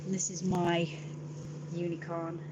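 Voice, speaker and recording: A woman's voice: fairly low pitch, monotone, unhurried, noisy background. A woman chatting on a casual livestream, joking in a playful royal persona, rambling, answering chat aloud and swearing freely.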